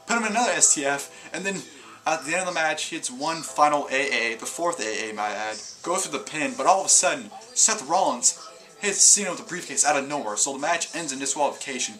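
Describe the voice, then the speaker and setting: A man's voice: a little high, expressive, a little fast, bright, forceful tone, rough recording. A man giving a casual video review of a wrestling show, rambling through his recap with lots of fillers and restarts. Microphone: camera mic.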